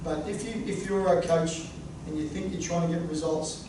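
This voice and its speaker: Man, coaching workshop, animated, higher voice, echoey room, far from mic. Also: normal speed, a little hiss or hum. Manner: animated, joking, punchy. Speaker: sports coaching presenter. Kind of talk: workshop talk.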